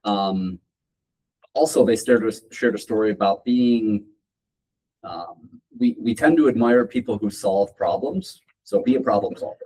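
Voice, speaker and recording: Moderator, male, low husky voice, relaxed summarizer. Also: measured pace, poor audio. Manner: relaxed, summarizing, asks questions. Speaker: panel moderator. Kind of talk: casual panel discussion.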